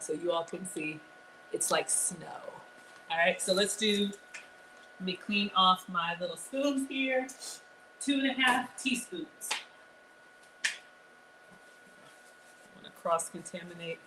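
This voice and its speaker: Lady chatting thru a cooking livestream, talks right at her viewers, a bit of hiss behind. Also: on the low side. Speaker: cooking live-stream host. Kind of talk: casual live-stream cooking demo.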